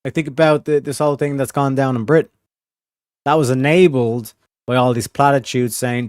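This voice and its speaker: Casual livestream commentary comes from a Californian with a rural, Southern-tinged accent who rambles, swears and talks to chat. His medium-pitched voice is steady, smooth and somewhat dark, at a moderate pace, in studio quality without echo.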